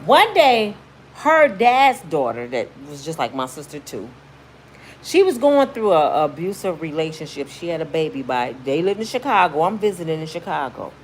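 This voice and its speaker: A woman vlogger whose voice sits low tells a story at a moderate pace, with slight background noise. She's slangy, blunt and animated, emphasizing hard and shrieking out what people said.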